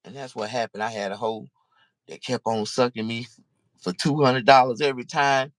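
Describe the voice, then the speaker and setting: A man's voice: mid-range voice, fairly even intonation, moderate pace, fairly bright tone, no room sound. A middle-aged man in a casual, profane, rambling monologue, talking confessionally to the camera. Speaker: vlogger.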